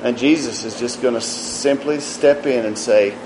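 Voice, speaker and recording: A man preaching a sermon earnestly, rising in emphasis and dropping to quiet, low asides. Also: roomy sound, noisy background. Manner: slow, earnest preaching with rises and quiet drops.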